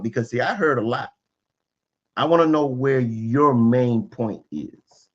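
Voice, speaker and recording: A man's voice: medium pitch, unhurried, dull audio. A man, a guest relationship expert on a podcast, explaining emphatically and restating his points again and again.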